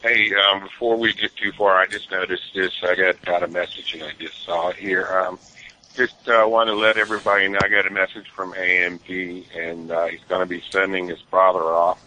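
Deep bright-toned man on a dull line. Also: flat delivery, a little fast. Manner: hesitant, lots of fillers. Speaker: show regular. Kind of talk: call-in announcement.

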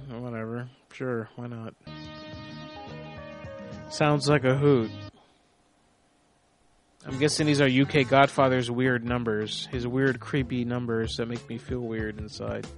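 A man's voice: mid-range voice, fairly even intonation, moderate pace, few pauses, soft background music. A man hosting a live call-in prank show, talking in a rambling, off-hand way with some swearing. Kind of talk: casual live-stream talk.

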